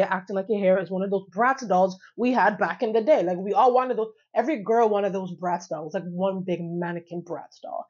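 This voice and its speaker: A woman's voice: medium pitch, a little mellow, breathy edge, dull audio. A young woman vlogging casually to camera, sassy and emphatic, repeating phrases for punch and laughing often. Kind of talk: casual direct-to-camera talk.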